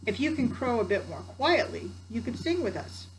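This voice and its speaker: A woman's voice: on the high side, sing-song, moderate pace, voice pushed up, poor audio. A woman voicing an eager, talkative male donkey in a storybook reading, in a lifted voice, recorded at home with background hiss. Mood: cheerful.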